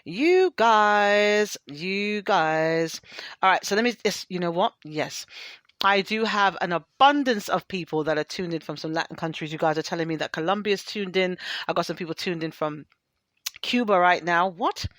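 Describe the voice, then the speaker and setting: Laid-back woman radio DJ, low voice. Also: brisk, a bit bright, dry recording, clean studio sound. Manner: loose, candid, thinking aloud and reading out plans. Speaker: radio show host and DJ. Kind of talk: casual radio talk between songs. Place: radio studio.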